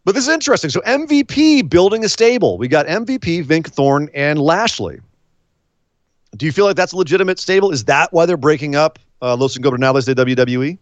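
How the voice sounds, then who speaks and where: A man hosting a casual chat about wrestling, animated, with frequent laughs and quick asides. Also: on the high side, no room sound. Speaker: podcast host. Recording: dull lo-fi dry sound.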